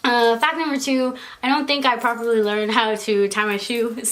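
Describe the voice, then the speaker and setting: A woman's voice: on the high side, fairly even intonation, moderate pace, hardly any pauses, a bit bright. A young woman talks straight to her viewers in an easygoing vlog. She rambles in a chatty way, laughs easily and leans on fillers like "like" and "um". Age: young adult. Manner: chatty and giggly, with frequent "like" and "um". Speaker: vlogger. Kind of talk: casual chat.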